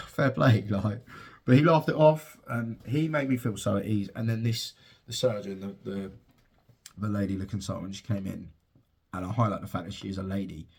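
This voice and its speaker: Man, low voice, gravelly, heartfelt, swears a lot. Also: fairly even intonation, normal speed, a little mellow. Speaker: father and podcast host. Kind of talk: casual personal storytelling.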